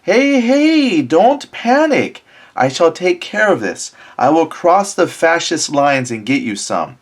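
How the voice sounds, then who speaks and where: A man's voice: on the high side, big pitch swings, slow, pitched above the performer's own voice, full character voice. A man reading aloud the lines of a male Soviet lieutenant breaking bad news to his soldiers and promising to fix it, in his own accent-free voice. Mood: reassuring.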